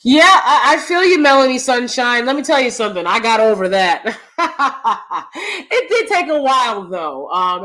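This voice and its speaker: A woman hosts her own channel with chatty, emphatic commentary, frequently tossing in "you know" and "right" and repeating lines to drive them home. Her medium-pitched voice is sharp in tone, very animated, and moderately paced.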